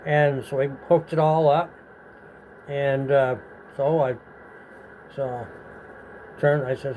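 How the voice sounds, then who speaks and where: An older man spins a long, rambling story, swearing freely and slipping into the voices of people in it. His voice sits a little high for a man. A faint hiss of noise hangs behind the recording. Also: fairly even intonation, measured pace, pauses often, a little mellow, rough recording. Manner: rambling, profane, acts out quoted voices. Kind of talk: casual storytelling.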